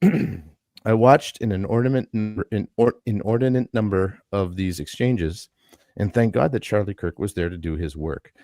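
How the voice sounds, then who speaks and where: Low-voiced man reading aloud earnestly. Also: dark tone, dry recording, studio quality. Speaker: podcast host. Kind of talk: live-stream talk, reading a statement aloud.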